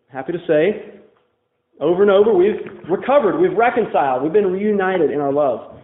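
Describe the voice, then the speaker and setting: High-voiced pastor in an echoey, tinny church. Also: male voice. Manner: candid, conversational storytelling with frequent "like" fillers. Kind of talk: sermon.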